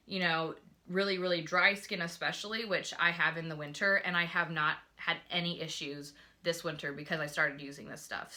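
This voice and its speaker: A woman's voice: lowish voice, pushed and bright. A young woman chatting casually into her phone camera at home, reviewing beauty products with lots of gushing and filler words. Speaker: beauty vlogger.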